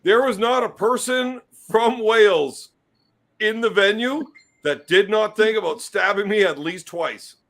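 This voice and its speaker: A man with a notably high voice tells rowdy stories in loose, profane chat. He talks brashly, stringing anecdotes together with plenty of swearing. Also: a little slow, vocal fry, a bit bright. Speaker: arm wrestler. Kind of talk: casual chat.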